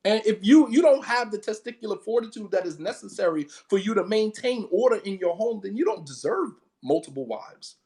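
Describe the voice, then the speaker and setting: A man's voice: high voice, lively intonation, fairly quick, few pauses, darkish tone. A man delivering a fired-up sermon. He talks bluntly and with heavy emphasis, hammering each point by repeating it. He often laughs between lines. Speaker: Islamic preacher. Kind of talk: impassioned sermon.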